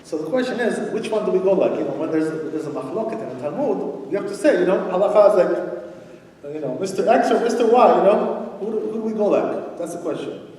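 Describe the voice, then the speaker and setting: A male rabbi with a high-pitched, lively, brisk and warm voice gives a Torah lecture to a congregation at an evening event in a synagogue hall. He talks conversationally, often saying "you know" and posing rhetorical questions. The recording is echoey and picked up from far away in the hall.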